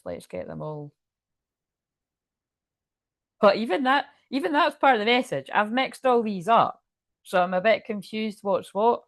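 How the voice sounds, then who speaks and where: A woman's voice: fairly low pitch, creaky, no echo, clean studio sound. A woman doing a casual tarot card reading to camera, chatty and rambling, often interrupting herself with asides.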